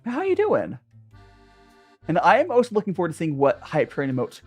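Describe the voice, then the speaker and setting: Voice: medium pitch, very animated, fast, a little mellow, breathy edge, soft background music. A young adult streamer chatting casually over tea, rambling and greeting viewers by name. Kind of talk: casual chat while drinking tea.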